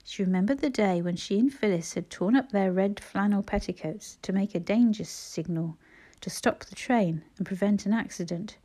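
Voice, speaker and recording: A woman reads a classic children's story aloud, with a measured, unhurried storytelling manner. Her voice is mellow and dark-toned, soft rather than bright, at a middle pitch for a woman. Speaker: audiobook narrator. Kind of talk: storybook reading.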